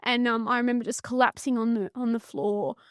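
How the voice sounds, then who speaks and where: Australian woman guest, higher voice, intense and blunt, dry close sound. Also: fairly even intonation, brisk, clean tone, no room sound. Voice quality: earnest, intense, blunt with swearing. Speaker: psychotherapist guest. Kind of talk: emotional personal story in podcast conversation.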